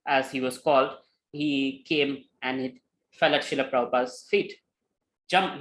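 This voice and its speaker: A man giving a spiritual talk, telling a story with lively retellings and many fillers. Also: a little high, rough recording. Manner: animated, with many fillers and acted quotes. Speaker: spiritual teacher.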